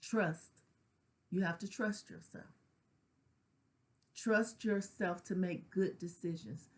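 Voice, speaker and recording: A woman's voice: on the low side, fairly even intonation, takes it slowly, a little mellow. A middle-aged woman speaking earnestly about grief in a conversational, personal way, with casual slang and frequent "right?" check-ins. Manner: conversational, tag questions like "right?". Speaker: grief counselor sharing her own loss. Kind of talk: personal spoken reflection.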